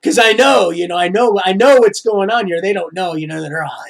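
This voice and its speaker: A man telling his life story on a live stream, halting and full of restarts, drifting into preachy religious asides. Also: high voice, creaky. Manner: preachy, sprinkles in religious talk. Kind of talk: rambling live-stream monologue.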